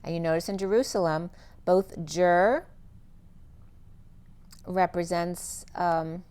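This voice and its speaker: A woman giving a solo spiritual reading, thinking aloud as she lists word meanings in a musing run-on flow, her voice going a little hoarse. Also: lowish voice, steady tone, slow, darkish tone. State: losing her voice, slightly hoarse. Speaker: spiritual reader.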